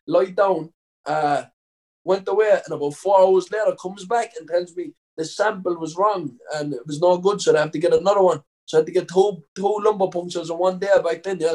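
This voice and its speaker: A man's voice: sits high, brisk, a little mellow, poor audio. A young Irish man, a professional fighter, telling stories in a casual interview, rambling with lots of fillers and swearing.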